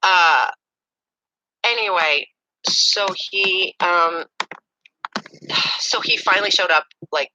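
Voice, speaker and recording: A middle-aged woman telling a personal story in casual conversation, animated and rambling with fillers and restarts. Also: fairly low pitch, takes it slowly, pauses often, a little hiss or hum, poor audio. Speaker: podcast guest.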